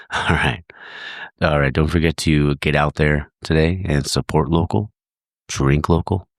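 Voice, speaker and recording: A congested, tired man hosting a podcast, giving a relaxed, thankful solo sign-off. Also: rumbling low, measured pace, creaky, no echo, studio quality. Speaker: podcast host.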